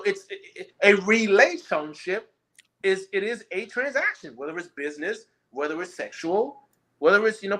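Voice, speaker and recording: A man's voice: high-pitched, a bit bright. A man talking in a casual, opinionated chat, emphatic and rambling, often restarting his sentences.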